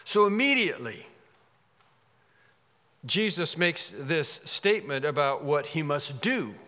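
A man preaching a sermon with a fairly high voice, delivered in a large church hall whose long reverb trails after his words. He is animated, acting out the lines he quotes and pushing up his emphasis on key points.

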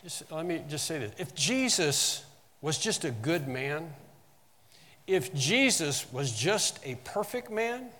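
A pastor giving an earnest teaching sermon. He slows down to stress key phrases and drops lower and quieter for asides. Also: sing-song. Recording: long hall reverb.

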